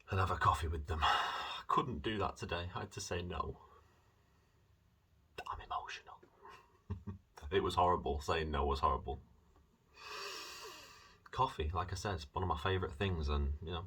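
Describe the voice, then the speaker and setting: A British man chatting in a rambling, self-mocking way in a casual video diary, dry-mouthed from fasting. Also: a bass voice, sharp tone, slightly rough. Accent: British English. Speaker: vlogger.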